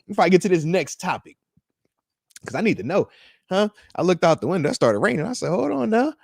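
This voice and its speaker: A man's voice: a little high, big pitch swings, fast, vocal fry, dry recording, clean studio sound. A man in his thirties from the United States hosting a live stream, chatting loosely and reading out viewer comments with slangy hype. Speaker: podcast host.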